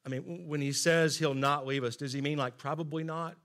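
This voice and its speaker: A middle-aged man preaching a sermon, earnest and emphatic, often dropping to soft asides. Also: medium pitch, steady tone, fairly quick. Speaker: pastor.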